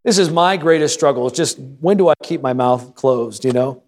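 A man's voice: medium pitch, moderate pace, darkish tone. A man, a pastor, preaching a sermon to a congregation, reading scripture and drawing call-and-response. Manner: reads scripture aloud and acts out an anxious prayer.

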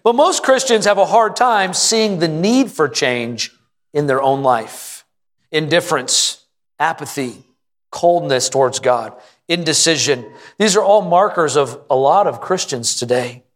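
A male pastor preaching a sermon to a congregation, emphatic and rising in pitch on repeated lines. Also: lively intonation, unhurried, fairly bright tone, in a large hall.

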